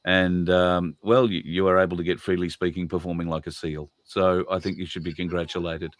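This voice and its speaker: A man's voice: low voice, little pitch movement, a little fast, no echo. An Australian man hosting a live stream in a rambling, chatty way, laughing often. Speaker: host. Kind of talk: casual live-stream chat.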